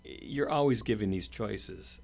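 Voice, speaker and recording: Man, very low voice, podcast co-host, earnest, explains things casually. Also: measured pace, creaky. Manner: earnest, explanatory, many fillers. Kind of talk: casual conversation.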